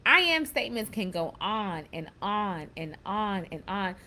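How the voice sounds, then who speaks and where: A woman's voice: medium pitch, very animated, measured pace, bright, forceful tone. Chatty woman reading affirmations. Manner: chatty, reads affirmations with emphasis, says "baby" and "y'all". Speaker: spiritual self-help host. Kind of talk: casual spoken self-help talk.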